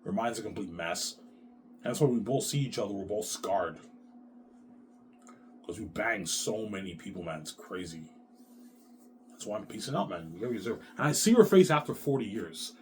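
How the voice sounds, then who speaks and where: A man's voice: fairly low pitch, animated, moderate pace, pauses often, a little mellow, slight background noise. A young man hosting his own show, rambling in a profane monologue, repeating "man" and putting on brief voices for other people. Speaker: show host.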